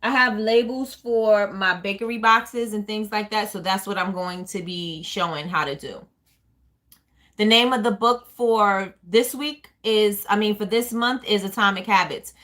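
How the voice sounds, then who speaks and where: A woman's voice: medium pitch, measured pace, a bit bright. A woman hosting a casual live stream, chatting and answering viewer comments as they come in. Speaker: small business owner hosting a live stream.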